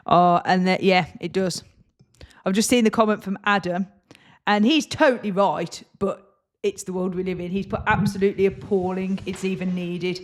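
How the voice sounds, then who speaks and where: A woman's voice: mid-range voice, moderate pace. A woman co-hosting a podcast, telling stories in a casual chat and acting out the voices of the people in them. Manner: animated, acts out quoted voices in her stories. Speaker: podcast co-host. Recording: echoey room.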